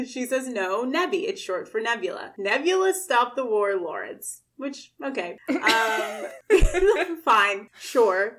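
A woman's voice: fairly high pitch, unhurried. Chatty woman recapping a sitcom. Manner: animated, quotes characters in her own voice, laughs often. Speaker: podcast co-host. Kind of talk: casual recap chat.

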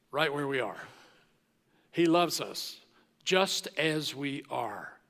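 A man preaching a sermon as pastor, slow and emphatic, with dramatic pauses. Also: a little high, a bit bright. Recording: long reverb of a large hall.

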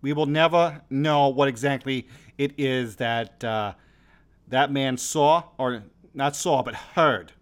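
A man's voice: mid-range voice, slow, clean tone. A man hosting a comedy podcast in easygoing, rambling casual chat, with faint music behind. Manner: easygoing, rambling, hedging with fillers. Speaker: host.

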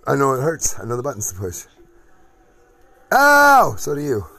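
A man's voice: mid-range voice, fast, gravelly, husky. A man hosting a casual podcast chat at home, crude and joking, rambling from one thing to the next. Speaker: podcast host.

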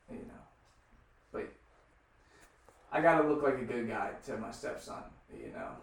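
A man's voice: mid-range voice, huge pitch swings, moderate pace, gravelly, pauses often. A man co-hosting a podcast, casually telling stories and trading crude jokes. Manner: joking, storytelling, crude banter. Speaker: podcast co-host. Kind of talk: casual chat. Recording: echoey room from far off, faint noise.

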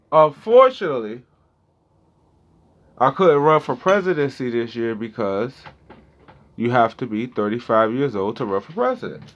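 Slangy man in his thirties rambling. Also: medium pitch. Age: 30s. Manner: slangy, swearing, talks straight to viewers, swings from mumbling to loud. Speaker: vlogger. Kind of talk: casual rambling monologue to viewers. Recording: dull lo-fi sound.

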